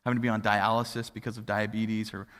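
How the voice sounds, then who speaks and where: A man with a fairly low voice preaches in a church auditorium, and his words ring out with a long reverb through the hall. He tells a family story casually, full of fillers and restarts, and drops almost to a whisper at the tender parts. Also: flat delivery, quick pace, a bit bright. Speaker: pastor. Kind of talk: sermon.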